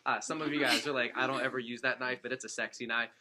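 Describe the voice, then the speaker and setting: A man speaking as a district manager to his sales team, an animated storyteller who acts out quotes and jokes, in a meeting room with an audience. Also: medium pitch, quick pace, slight background noise. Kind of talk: motivational talk to a room.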